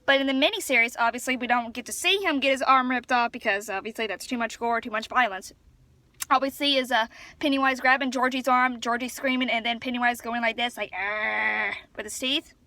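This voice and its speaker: A woman talking casually into her phone camera as a vlogger, chatty and rambling as she gets excited. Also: a little high, a little fast, dry recording. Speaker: vlogger reviewing a film. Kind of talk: casual chat.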